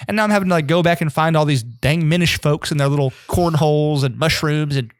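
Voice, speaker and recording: A man's voice: fairly high pitch, fast, dry recording, studio quality. A man as a podcast guest in casual chat, rambling and self-deprecating, laughing often. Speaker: guest on a video game podcast.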